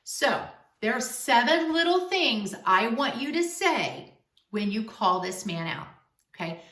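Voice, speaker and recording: Bright-voiced woman giving advice, echoey room. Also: a little high, a little slow. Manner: emphatic, animated advice-giving. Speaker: relationship coach. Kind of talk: direct-to-camera advice vlog. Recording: echoey room, voice distant from mic.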